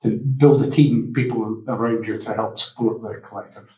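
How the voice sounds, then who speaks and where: Easygoing male host, lowish voice, distant. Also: steady tone, brisk, darkish tone. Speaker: podcast host. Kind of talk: casual interview chat. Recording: roomy, distant, dull sound.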